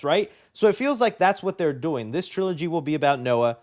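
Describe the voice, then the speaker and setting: Excitable, rambling man hosting a live show. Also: a little high, fairly quick, hardly any pauses. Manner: excitable, rambling, many fillers. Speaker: host of a movie news live show. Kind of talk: casual live-stream chat.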